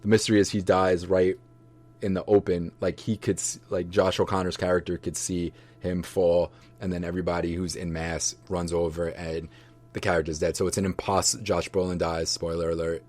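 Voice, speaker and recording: A man's voice: low-pitched, flat delivery, normal speed, a little mellow. A man casually rambling through a movie review for his viewers, loose and enthusiastic, with many fillers and restarts. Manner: enthusiastic, affectionate toward viewers. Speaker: vlogger reviewing books and movies.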